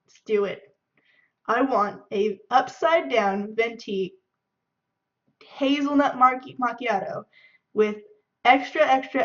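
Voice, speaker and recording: A young woman from the Bay Area of California, chatting and giggling as she answers questions in a casual video. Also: a little high. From San Francisco Bay Area, California. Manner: chatty and giggly, acts out friends' shouting. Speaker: vlogger. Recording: dull lo-fi sound.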